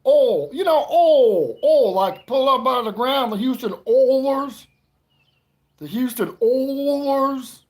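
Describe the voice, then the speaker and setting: A man voicing a loud redneck customer with a Southern accent, shouting and stretching his words out slowly. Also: very high voice, animated, pitched above the performer's own voice, full character voice. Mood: insistent. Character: loud drawling redneck man ordering at a drive-through.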